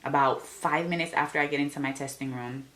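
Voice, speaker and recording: A young woman vlogger telling an animated storytime, acting out the people she quotes. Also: deep voice, brisk. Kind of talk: storytime vlog.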